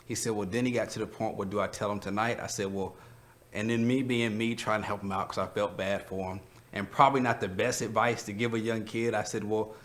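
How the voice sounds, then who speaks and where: A man's voice: fairly low pitch, steady tone, brisk, fairly bright tone. A young man, a coach, telling a rambling personal story in a tribute to a friend, holding back tears.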